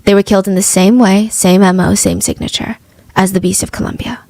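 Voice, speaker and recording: A woman's voice: mid-range voice, fairly even intonation, fairly quick, darkish tone, dry recording, poor audio. A woman hosting a true crime podcast, retelling a case in a casual, conversational way with wry asides. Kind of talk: casual storytelling narration.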